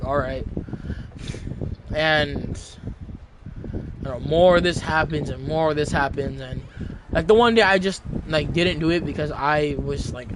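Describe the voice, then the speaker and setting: A young man tells a casual story in a rambling way, often restarting his sentences and leaning on fillers. His voice sits a little high for a man. A steady background noise runs under the recording.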